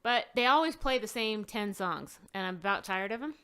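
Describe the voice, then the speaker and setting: A woman's voice: medium pitch, expressive, moderate pace, fairly bright tone, clean tone. A woman co-hosting a casual podcast, talking in an earnest, chatty way with some hesitant fillers. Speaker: podcast co-host. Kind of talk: casual chat.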